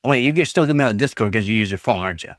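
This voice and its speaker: Talking very fast in a fairly low, animated and fairly bright voice, a man reads his live-stream chat aloud and banters jokingly with viewers. The audio is studio quality with no room sound.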